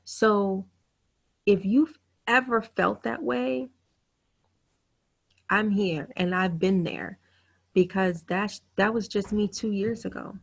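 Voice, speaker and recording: This is personal storytelling on a webinar: a woman in her thirties talks into a computer mic, candid, earnest and emotional, often quoting herself briefly. She has a medium-pitched voice that's creaky and slightly rough, and her intonation stays fairly even.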